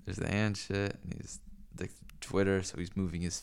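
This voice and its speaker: A man's voice: sits low, normal speed, gravelly, hardly any pauses. A man streaming live, rambling profanely and forgetfully between comic bits. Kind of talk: casual ranting livestream.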